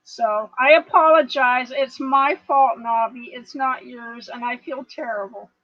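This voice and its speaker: A woman's voice: sits high, a little slow, dry recording, muffled recording. A chatty woman from British Columbia who laughs easily, talking casually on a livestream. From Canada, British Columbia. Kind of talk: casual chat.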